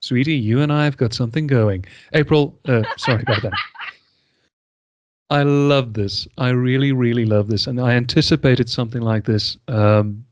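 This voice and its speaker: A man's voice: medium pitch, normal speed, dry recording, muffled recording. A man hosting a podcast interview, bantering in a theatrical, flirty way. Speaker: podcast host.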